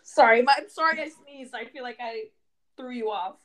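A young woman co-hosting a podcast in casual chat, animated, swearing freely and acting out quotes. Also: on the high side, normal speed. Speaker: podcast co-host.

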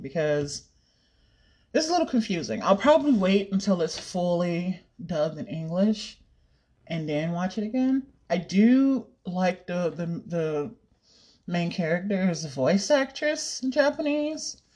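A woman's voice: lowish voice, dark tone. A young woman chatting casually to camera, rambling, giggling and swearing now and then. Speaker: vlogger. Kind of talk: casual chat.

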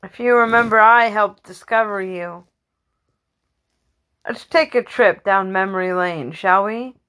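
A woman's voice: mid-range voice, unhurried, fairly bright tone, lightly acted. A woman voicing a cheerful, theatrical male bartender who acts as a spirit guide. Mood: cheery.

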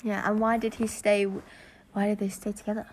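A teenage girl co-hosting a casual chat podcast, giggly and quick with her asides. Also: medium pitch, level tone. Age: teens.

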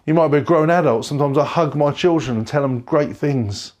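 A middle-aged man, a pastor, giving an earnest, heartfelt sermon from a bedroom at home, slowing down on key phrases. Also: on the high side, a little mellow. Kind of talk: recorded sermon.

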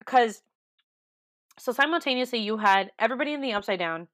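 A woman's voice: on the high side, lively intonation, a little fast, fairly bright tone, no echo, studio quality. A young woman in casual chat, emphatic and given to repeating words for effect.

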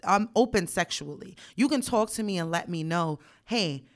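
A woman's voice: fairly low pitch, lively intonation, moderate pace. Blunt, laughing young woman podcaster. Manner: blunt, profane storytelling, reading texts aloud; frequent bursts of laughter. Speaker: podcast co-host. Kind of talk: casual podcast chat.

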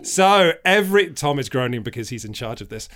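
A man's voice: medium pitch, fairly quick, faint music behind. A man hosting a casual podcast and introducing his co-hosts with jokes. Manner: playful, jokey, animated. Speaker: podcast host.

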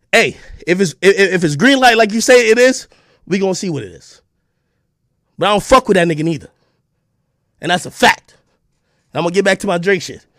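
A man with a podcast delivering an aggressive, profane callout, taunting and often shouting. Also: high-pitched, dry recording, clean studio sound. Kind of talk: heated callout rant to camera.

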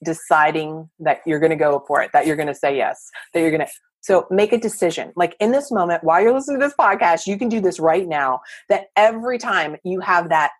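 A woman coach and therapist giving energetic, emphatic motivational advice as a podcast guest. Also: lowish voice, slightly rough, dry recording. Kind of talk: podcast interview.

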